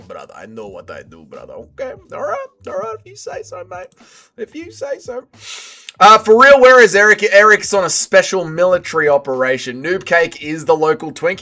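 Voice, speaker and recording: A man's voice: a little high, sharp tone. A young man hosting a livestream, reading chat and bantering casually with viewers, swearing freely. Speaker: livestream host.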